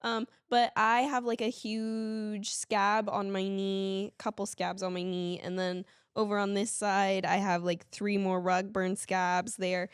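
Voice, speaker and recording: A woman's voice: medium pitch, flat delivery, takes it slowly, few pauses, clean tone, no room sound, clean studio sound. A woman co-hosting a podcast, telling a story animatedly and laughing, squealing when she quotes herself. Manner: laughs while telling stories. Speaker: podcast co-host. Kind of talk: casual chat.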